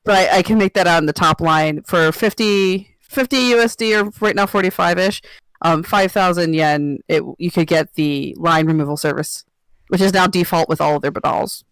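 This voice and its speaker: A woman's voice: fairly low pitch, moderate pace, clear, resonant tone, dry recording, poor audio. Chatty woman explaining, dry sound. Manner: chatty, explains and translates, restarts often. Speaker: co-host. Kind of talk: casual chat while unboxing.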